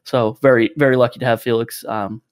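North american dude hosting a gaming pod, talks fast, rambles a lot. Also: male voice, mid-range voice, fairly even intonation, clear, resonant tone. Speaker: podcast host. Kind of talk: casual gaming podcast chat.

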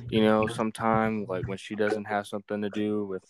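A man's voice: lowish voice, little pitch movement, a little fast. A young man co-hosting a casual podcast, rambling and giggly with lots of fillers. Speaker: podcast co-host. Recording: noisy home recording.

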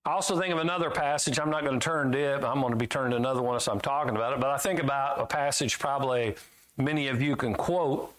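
A middle-aged man preaching a sermon in a folksy, emphatic way, jumping from loud high points to low asides. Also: steady tone, fast.

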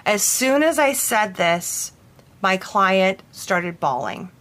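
A young woman who works with brides casually telling a story about a spirit, animated and full of "like" fillers. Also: mid-range voice, slow pace. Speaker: bridal stylist and medium.

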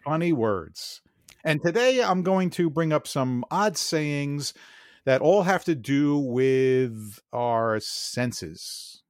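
Dude hosting a comedy podcast segment, teasing and laughing a lot, voice bounces all over, dry mic. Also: male voice, fairly high pitch, expressive, slow, no echo. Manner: teasing, laughs often, quizzes the other host. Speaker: podcast co-host running the segment. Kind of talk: joking banter.

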